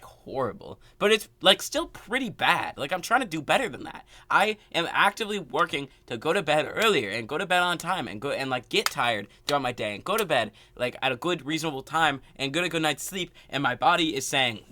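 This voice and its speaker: Young guy venting a storytime rant, bright voice, dry close mic, keeps saying like. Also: a little high, moderate pace, no echo. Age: young adult. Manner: animated, exasperated, heavy "like" filler. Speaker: vlogger.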